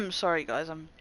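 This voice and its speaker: A young man chatting casually to his viewers during a game livestream, excitable and swearing often. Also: sits high, husky, rough recording. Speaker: gaming livestreamer. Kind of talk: casual live commentary to chat.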